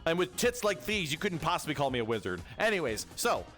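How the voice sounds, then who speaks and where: A man's voice: on the high side, sing-song, fast, a bit bright, faint music behind. A young man streaming as a VTuber, chatting and joking with his chat in a rambling way. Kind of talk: casual livestream chat.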